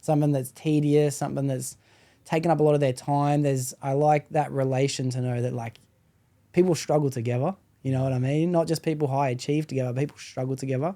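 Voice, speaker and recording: A man's voice: medium pitch, fairly even intonation, a little fast, warm tone. A man hosting a podcast, talking candidly in a casual, rambling way with many "you know"s. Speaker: podcast host.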